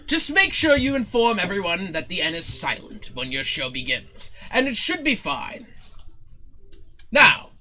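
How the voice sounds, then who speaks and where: A man's voice: sits high, sing-song, a little slow, bright, forceful tone, pitched above the performer's own voice, full character voice. A man voicing a pompous male showman who speaks with grandiose, patronizing politeness. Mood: smug.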